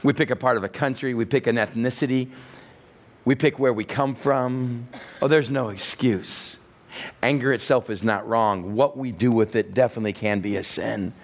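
A man with a Texan accent preaching a sermon as pastor, swinging between quiet, low passages and raised, emphatic ones. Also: moderate pace. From Texas. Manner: animated preaching, rising and falling in pitch and force.

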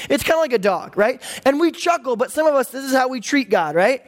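A pastor preaching a sermon, animated and humorous, with comic asides to the congregation. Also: high voice, brisk, few pauses.

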